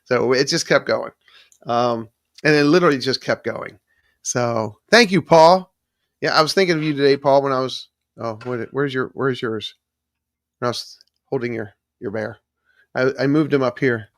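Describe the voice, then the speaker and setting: A man's voice: mid-range voice, normal speed, fairly bright tone, dry recording. A man hosting a live stream, chatting casually and rambling as he thanks viewers in the chat. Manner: rambling, restarts sentences often and thanks chat viewers by name. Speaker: livestream host.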